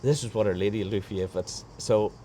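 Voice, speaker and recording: Lowish-voiced man telling a story. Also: steady tone, fast talker, warm tone, a little hiss or hum. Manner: rambling, with frequent restarts and reported dialogue. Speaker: guest sharing a faith testimony. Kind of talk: conversational storytelling.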